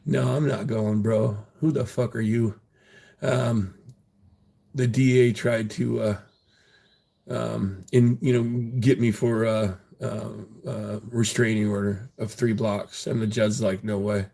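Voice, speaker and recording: A man's voice: fairly low pitch, steady tone, takes it slowly, gravelly, warm tone. Profane, rambling man on a livestream. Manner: taunting, profane, laughing at viewers; rambling with many fillers and restarts. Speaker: livestreamer reading chat. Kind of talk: casual livestream chat.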